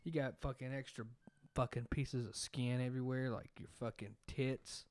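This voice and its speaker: A man's voice: medium pitch, steady tone, normal speed, darkish tone, no room sound. A man with a Southern US accent, co-hosting a casual podcast in a laid-back, profane, drawling way. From Southern United States. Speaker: podcast co-host.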